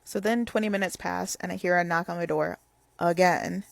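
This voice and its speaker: Young woman rambling thru a storytime, lots of "like", kinda low voice, dry close sound. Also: moderate pace, creaky, no room sound. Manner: rambling, full of "like" fillers. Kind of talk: casual storytime.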